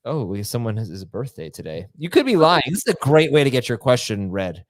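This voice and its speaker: A man hosting a live sports chat, reading out viewer questions in a quick, playful way. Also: medium pitch, sing-song, no room sound, studio quality. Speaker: show host. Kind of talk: live fantasy football Q&A.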